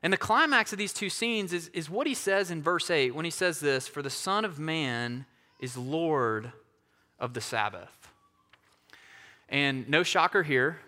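Speaking in a slightly high, pushed and bright voice, a male pastor gives a sermon that feels like a conversation. He pokes fun at himself, keeps checking in with listeners, and often asks "right?" The room has a hall reverb.

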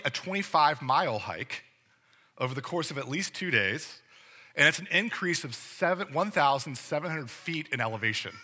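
A man's voice: mid-range voice, pushed and bright, long reverb tail. A man preaching a sermon as pastor, conversational and full of rhetorical questions. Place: church sanctuary.

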